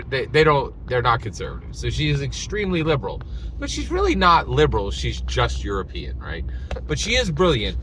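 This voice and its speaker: A man's voice: medium pitch, a bit bright, a little hiss or hum, low-quality recording. A man commenting in a casual monologue, rambling with many restarts and fillers, tagging his points with "right?" and rising into emphatic outbursts.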